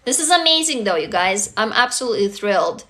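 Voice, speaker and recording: A woman's voice: medium pitch, big pitch swings, brisk, bright, forceful tone. A woman hosting a live stream, chatting and encouraging viewers, addressing them directly. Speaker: livestream host. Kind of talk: casual live-stream pep talk.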